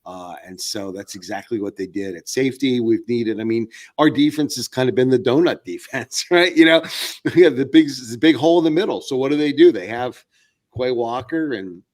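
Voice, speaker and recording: A man's voice: mid-range voice, normal speed, darkish tone. Rambling man chatting football as a guest. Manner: rambling, many fillers and restarts. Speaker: podcast guest. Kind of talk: casual sports chat.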